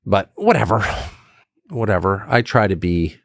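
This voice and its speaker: A man's voice: on the low side, sing-song, measured pace, gravelly, no room sound. A middle-aged man, a political commentator, talking bluntly and emphatically in a podcast conversation, acting out the voices he quotes. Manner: blunt, swears.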